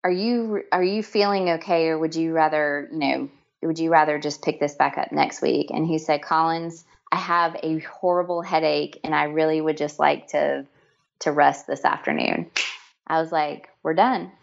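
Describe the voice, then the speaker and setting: A woman's voice: low voice, fairly even intonation, moderate pace, gravelly, highs cut off. A middle-aged woman telling heartfelt stories in conversation, earnest and emotional, with many restarts and fillers. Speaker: guest. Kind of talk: storytelling in conversation.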